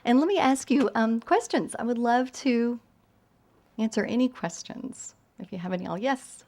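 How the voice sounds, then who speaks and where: A woman novelist with a softened Southern accent, answering questions thoughtfully with gentle pauses, then giving an unhurried, lyrical reading of her fiction. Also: fairly high pitch, expressive. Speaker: visiting novelist. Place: university lecture hall.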